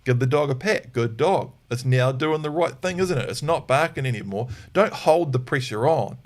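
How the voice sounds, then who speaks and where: A man, a dog trainer answering listener questions in a live podcast Q&A and acting out sharp commands to a dog. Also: medium pitch, lively intonation, normal speed. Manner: demonstrates sharp corrective commands.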